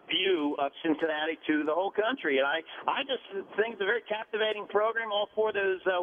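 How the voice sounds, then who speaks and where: An older man calling in to a radio show, speaking haltingly with many fillers. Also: high voice. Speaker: caller. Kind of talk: phone-in. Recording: tinny phone line.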